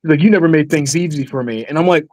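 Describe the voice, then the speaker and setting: A man co-hosting a podcast in casual chat, animated and swearing, acting out what people said. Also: on the high side, very fast, no echo. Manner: animated, swearing, acts out quotes. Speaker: podcast co-host.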